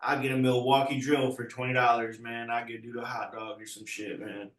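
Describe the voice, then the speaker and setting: A man's voice: level tone, fairly quick, distant mic. Laid-back man, off-mic and roomy. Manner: laid-back, drops his voice low and quiet, swears casually. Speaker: podcast guest. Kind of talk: casual chat.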